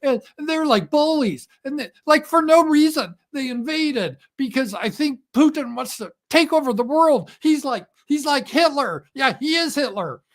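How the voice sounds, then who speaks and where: A man's voice: very high voice, expressive, moderate pace, hardly any pauses, pitched above the performer's own voice. A man putting on a mocking impression of a woman politician, using lilting, childlike phrasing. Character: sing-song woman politician, overly simple.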